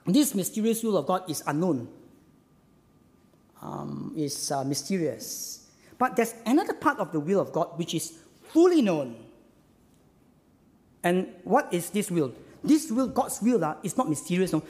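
A man preaching a sermon as a pastor, emphatic, repeating his phrases and pausing on "uh" fillers. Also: high voice, sing-song, a little mellow, big-room sound.

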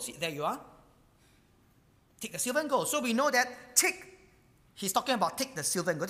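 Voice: medium pitch, bright, forceful tone, in a large hall. A pastor preaching a sermon, emphatic and repetitive, stumbling over words with frequent fillers. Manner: emphatic, repeats key words.

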